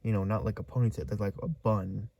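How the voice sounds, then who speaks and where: Male vlogger, low and mellow voice, rambling halting storyteller who keeps searching for the right words. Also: steady tone, vocal fry, no room sound. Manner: rambling, halting, lots of fillers. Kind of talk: casual storytelling vlog.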